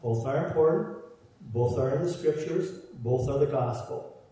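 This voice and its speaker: A man's voice: medium pitch, moderate pace, mellow. Man preaching in an echoey hall. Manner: emphatic, repeats phrases in parallel. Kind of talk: sermon. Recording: roomy echo, voice from far off.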